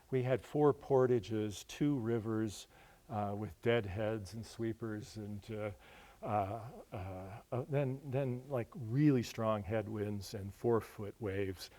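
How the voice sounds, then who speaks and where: A man giving a talk, telling a long trip story with many pauses, fillers and restarts. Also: fairly low pitch, a little mellow. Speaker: guest speaker. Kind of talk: storytelling lecture. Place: lecture hall.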